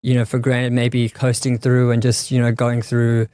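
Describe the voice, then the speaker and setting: Male guest, mid pitch, monotone delivery, halting and reflective, dry close sound. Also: smooth, no echo. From Australia. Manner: thoughtful, halting, many restarts and fillers. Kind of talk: reflective conversational interview.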